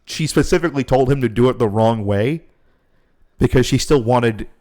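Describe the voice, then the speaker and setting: A man on a podcast, casually and excitedly retelling a story and swearing freely. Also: mid-range voice, normal speed. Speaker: podcast host. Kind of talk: casual chat.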